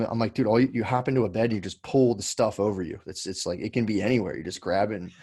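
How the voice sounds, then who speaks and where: A man's voice: on the low side, fast, few pauses, darkish tone, breathy edge. A man, a comedian, talking as a podcast guest in casual chat, rambling with many restarts and swearing freely.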